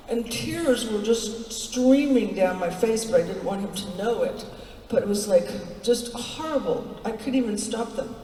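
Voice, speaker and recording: A woman's voice: medium pitch, a little mellow, slight background noise. Chatty woman storytelling in an echoing arena. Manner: chatty, wry, full of asides and fillers. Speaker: concert performer telling a story on stage. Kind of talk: storytelling between songs. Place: large indoor arena. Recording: distant audience recording in an echoing arena. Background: crowd ambience.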